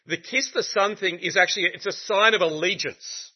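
Male preacher, chatty and humorous sermon delivery, slightly raised pitch, dull lo-fi sound. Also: moderate pace, breathy edge. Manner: animated, conversational and humorous. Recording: muffled lo-fi recording.

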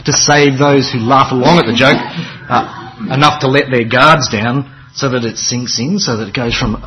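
A man's voice: medium pitch, moderate pace, highs cut off, slight background noise. A man preaching a sermon in a conversational, wry way, with dramatic emphasis and offhand asides.

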